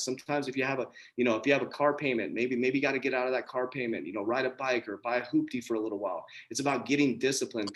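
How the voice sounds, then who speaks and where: A man in his forties speaks on a group video call as a motivational coach. His delivery is earnest and emphatic, and he often repeats his key points for effect. His voice sits at an ordinary middle pitch. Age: 40s. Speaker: coach and community host.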